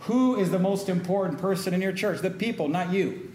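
A middle-aged male pastor with a slightly raised voice, preaching in a relaxed, conversational way and pausing to ask the congregation for an amen. The sound is roomy and echoey, with a faint hum of ambience behind him. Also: sits high. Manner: conversational preaching, call-and-response asides. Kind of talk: sermon.

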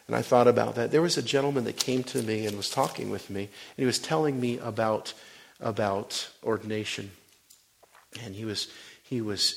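A male pastor delivers a sermon in a gravelly voice of middling pitch. He tells stories quietly, then climbs into loud, fervent preaching, often breaking off and restarting a phrase mid-thought. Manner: swings from quiet storytelling to loud, preaching fervor.

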